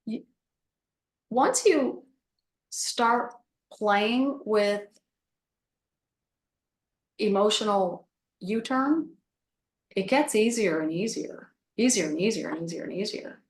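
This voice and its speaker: A woman's voice: medium pitch, animated, slow, long pauses. A woman guest on a call giving a casual spiritual teaching, repeating her phrases and acting out little self-talk examples. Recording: roomy echo.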